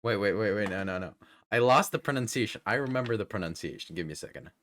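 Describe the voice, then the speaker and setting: A man with a very low, deep voice hosts a loose livestream interview. He is laid-back, swears freely and trips over his own words as he asks questions. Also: animated, fast talker, fairly bright tone. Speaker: streamer host interviewing a guest. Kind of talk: casual livestream interview chat.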